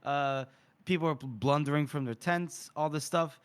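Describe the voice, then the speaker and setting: A man with a somewhat high voice chats his way through a book recap on a podcast. He rambles, leans on fillers and chuckles as he goes. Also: moderate pace, clear, resonant tone. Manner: rambling, laughs often, many fillers. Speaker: podcast co-host. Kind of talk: casual book discussion.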